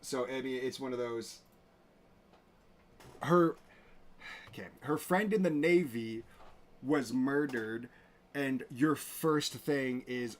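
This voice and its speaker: A man's voice: mid-range voice, slow pace, long pauses. A man hosting a show, talking casually and with indignation, full of fillers and restarts. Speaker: host. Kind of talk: casual commentary reading out messages.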